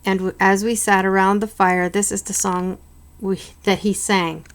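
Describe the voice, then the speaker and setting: A woman's voice: medium pitch, little pitch movement, moderate pace, slight background noise. Home read-aloud: a woman reading children's books, unpolished, with small slips. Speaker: reader.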